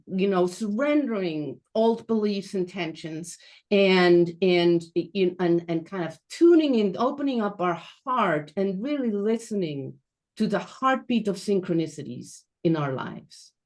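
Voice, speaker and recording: A woman from Switzerland giving a reflective, measured personal storytelling talk as a guest speaker over a video call. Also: medium pitch. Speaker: guest speaker, transition coach.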